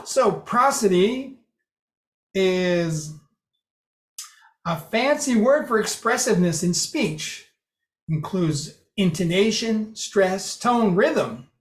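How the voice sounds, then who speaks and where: A presenter talks an online group through a lesson in an easygoing, conversational way, often stopping to restart a sentence. The voice sits at an ordinary middle pitch. It comes through a video call with a noticeably roomy echo. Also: expressive, takes it slowly, pauses often.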